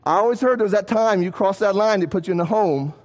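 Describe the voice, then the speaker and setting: A man with a strikingly high voice preaches a sermon in a hall with a long, echoing reverb. He builds to emphatic shouts, then drops to quiet, low lines. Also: quick pace.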